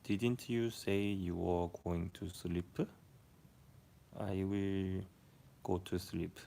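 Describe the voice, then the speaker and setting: A man's voice: low-pitched, level tone, very slow, gravelly, dark tone, slight background noise. A man from Korea speaking English in a mix of American and Korean accents, chatting casually and jokily with viewers on a livestream. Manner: chatty, answers chat, jokey. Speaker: livestream host. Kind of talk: casual live-stream chat with viewers.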